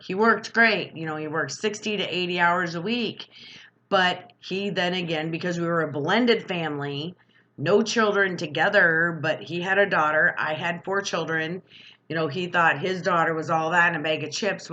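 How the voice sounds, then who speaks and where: A woman's voice: lowish voice, pushed and bright. Angry, defiant woman ranting to camera. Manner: angry, defiant, fast-talking. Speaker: vlogger. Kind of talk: emotional personal rant to camera.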